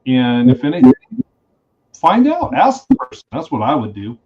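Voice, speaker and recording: A man who is a guest on a casual podcast, a reptile breeder speaking in a blunt, animated way. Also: medium pitch, normal speed. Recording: slightly dull lo-fi sound.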